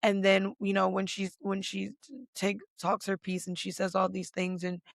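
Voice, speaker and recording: A creaky, mid-range voice delivers a casual pop culture recap in a completely flat tone at a moderate pace. The podcast host rants bluntly and profanely, leaning on many "like" fillers, in studio-quality audio with no echo.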